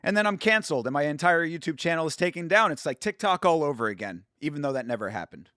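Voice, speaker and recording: A man hosting a watch-along from home, chatting casually, rambling, laughing at his own jokes and sometimes bursting out loud. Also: fairly high pitch, expressive, quick pace, dry recording, studio quality. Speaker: YouTube host doing a watch-along. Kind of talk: casual live commentary.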